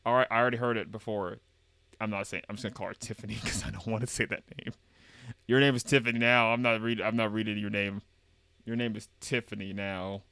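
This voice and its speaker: A man's voice: lowish voice, steady tone, quick pace, creaky, sharp tone, clean tone, no room sound. A man streaming a game, joking as he reads, stumbling over names and laughing at himself. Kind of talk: game live stream commentary.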